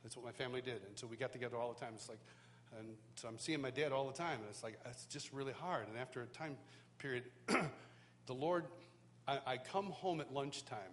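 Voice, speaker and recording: A man's voice: mid-range voice, brisk, a little hiss or hum. A middle-aged man preaching at a live church worship school, telling his life story with self-deprecating humor and acting out the voices of people he quotes. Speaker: worship teacher. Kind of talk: personal testimony sermon.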